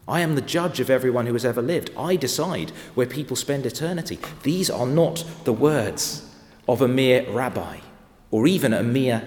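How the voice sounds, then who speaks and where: A man preaching a sermon from a church pulpit, emphatic, swinging between quiet reflection and loud, pointed stresses. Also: mid-range voice. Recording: long church hall reverb.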